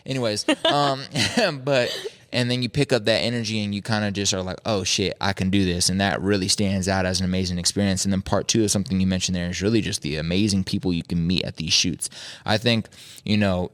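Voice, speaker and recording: A lower-pitched man hosts a casual podcast conversation, recorded dry and close with no room sound. He tells anecdotes with energy and jumps into high, playful voices when he quotes people. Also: fairly quick, no echo. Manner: animated storyteller, acts out quotes in high voices. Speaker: podcast host. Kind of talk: casual interview chat.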